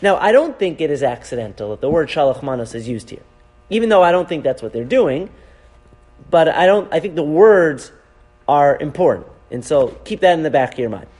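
A man teaching a Torah class as a rabbi, animated, asking rhetorical questions and weaving in Hebrew terms. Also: on the high side, a little fast, breathy edge. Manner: animated, asks rhetorical questions, frequent "right?".

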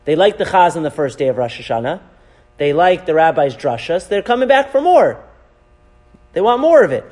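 Animated high-voiced man teaching a class. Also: a little fast. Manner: animated, asks rhetorical questions, frequent "right?"; weaves in Hebrew terms. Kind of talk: Torah class lecture.

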